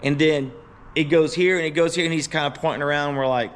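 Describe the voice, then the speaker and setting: Man, high voice, casual storytelling, animated, exasperated. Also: fast, slight background noise. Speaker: motorbike vlogger.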